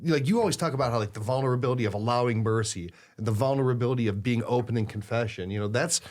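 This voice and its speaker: A male podcast co-host talks quickly in a casual, affirming manner. His voice sits at a middle pitch, and his words tumble out at a brisk clip. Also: a little mellow. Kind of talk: casual chat.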